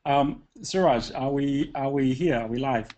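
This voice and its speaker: A man hosting a live online call, upbeat and chatty, often pausing with fillers and restarting sentences. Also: mid-range voice, a little mellow, dull audio, slight background noise. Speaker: webinar host.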